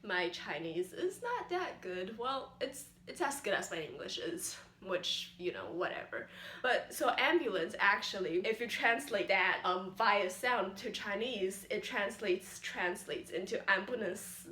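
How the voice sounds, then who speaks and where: A woman's voice: mid-range voice, animated, measured pace, bright, forceful tone. A young woman vlogging casually, explaining in a playful, rambling, self-mocking way. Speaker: YouTuber. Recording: echoey room.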